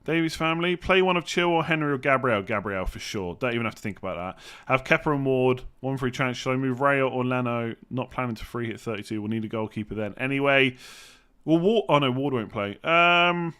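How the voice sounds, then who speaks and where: A young man from England chats through a live Q&A, wandering between half-finished thoughts. His voice is bright and forward, and his pitch sits right in the middle. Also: a little fast, smooth. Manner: rambling, thinks aloud, hums while reading. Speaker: fantasy football streamer. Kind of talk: live stream Q&A.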